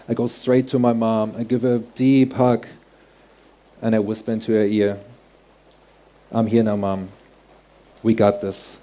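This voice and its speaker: A man's voice: medium pitch, mellow. A man telling a personal story on stage, earnest and heartfelt, in vivid present tense. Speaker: speaker.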